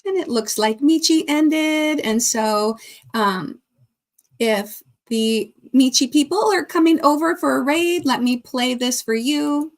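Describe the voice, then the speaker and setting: A chatty woman hosts a relaxed live stream from her desk and talks straight to her viewers. Her voice sits a little high. She reads their comments aloud and laughs easily as she goes. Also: slow. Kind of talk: casual live stream chat.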